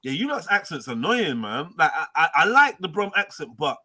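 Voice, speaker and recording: A man hosting a casual panel chat, animated and mocking. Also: fairly high pitch, brisk, breathy edge.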